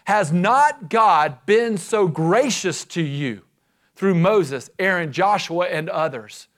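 A man with a high-pitched voice preaching a sermon. He retells scripture with emphasis and drives his points home with rhetorical questions. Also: lively intonation, slow pace, a bit bright.

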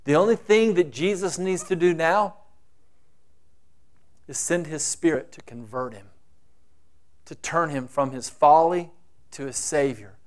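Male pastor preaching slow, high voice, acts out the quotes big. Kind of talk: sermon.

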